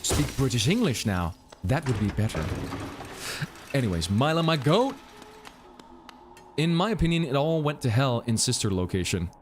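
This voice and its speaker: A man's voice: mid-range voice, sing-song, normal speed, pauses often. Young man ranting casually over game music. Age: 20s. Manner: ranting, profane, rambling. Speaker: gaming streamer. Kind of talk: casual playthrough chat.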